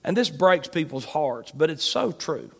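High-voiced preacher in a reverberant hall. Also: male voice, sing-song, measured pace, gravelly, slightly rough. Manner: emphatic, swings between loud and soft. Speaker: pastor. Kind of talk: sermon.

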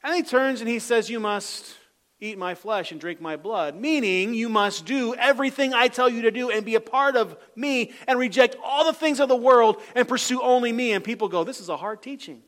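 High-voiced preacher, loud then hushed. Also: male voice, normal speed. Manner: swings from loud emphatic calls to soft low asides. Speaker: pastor. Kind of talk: sermon.

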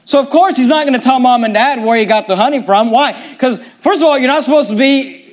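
Guy preaching a sermon, pretty high voice, emphatic, keeps asking questions. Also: quick pace. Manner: emphatic, reads scripture aloud and asks rhetorical questions.

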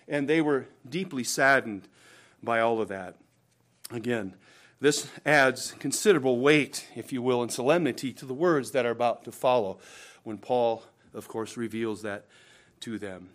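A man preaching a sermon to his congregation, pressing his points with repeated calls to the brethren, rising loud and falling low and quiet at the ends of phrases. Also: normal speed. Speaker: pastor.

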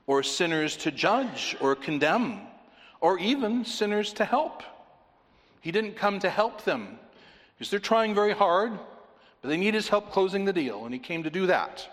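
Emphatic male pastor, slightly high voice, long hall reverb. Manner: emphatic, repetitive, drops to quiet intensity. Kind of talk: sermon.

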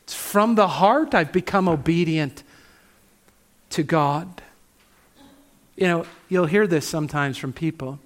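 Emphatic male preacher, slightly high voice. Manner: emphatic, asks rhetorical questions, slows on key phrases. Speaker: pastor. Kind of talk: sermon.

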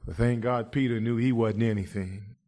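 A male preacher delivering an impassioned sermon, swinging from quiet murmurs to loud shouts, throwing in rhetorical "huh?" asides and calling listeners "friend". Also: mid-range voice, fairly even intonation, moderate pace.

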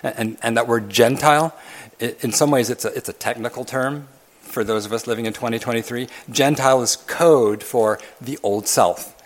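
A man's voice: mid-range voice, moderate pace. A man preaching a sermon as pastor, earnest and emphatic, often repeating and restarting phrases.

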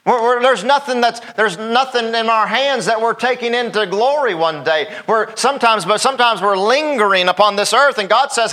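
A man's voice: high-pitched, normal speed, sharp tone. A middle-aged man, a pastor preaching a sermon in a folksy way, often asking the congregation "Amen?".

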